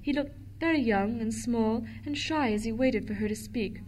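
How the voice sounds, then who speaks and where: A woman reading a children's storybook aloud with gentle, expressive narration. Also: a little high, normal speed, hardly any pauses, slight background noise. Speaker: audiobook narrator.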